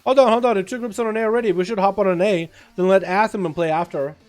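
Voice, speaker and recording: A man's voice: sits high, fast talker, a little mellow, soft background music. A man livestreaming a game, chatting loosely with viewers, swearing now and then and hyping up the crowd. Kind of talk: casual gaming livestream chat.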